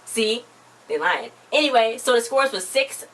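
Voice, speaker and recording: A woman's voice: fairly high pitch, lively intonation, unhurried, fairly bright tone, poor audio. Gossipy woman recapping a dance show. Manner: chatty, gossipy, acts out what others said. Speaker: recap vlogger. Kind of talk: casual chat.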